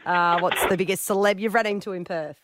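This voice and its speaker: A woman's voice: lowish voice, steady tone, a little fast, background noise. An Australian woman co-hosting a radio show, upbeat and teasing. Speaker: radio host. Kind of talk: casual radio chat.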